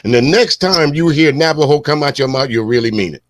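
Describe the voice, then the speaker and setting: A man's voice: a little high, animated, fairly quick. A man from South Carolina talks in a blunt, profane, fired-up way as he co-hosts a casual talk. His voice sits in a middle range, and the recording sounds close and dry with no room echo. He comments on clips bluntly and without hedging. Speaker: co-host.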